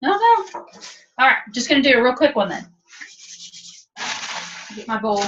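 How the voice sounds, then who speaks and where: A woman's voice: on the high side, normal speed, noisy background. A woman giving a chatty, practical step-by-step cooking demonstration in a kitchen, heard over webinar audio. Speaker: cooking instructor. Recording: distant, dull webinar audio.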